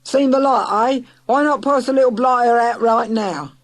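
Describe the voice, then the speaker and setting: A woman reading a storybook, voicing a pushy male tabloid journalist who yells and wheedles. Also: a little high, moderate pace, voice pushed up. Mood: wheedling. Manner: brash, wheedling, yelling.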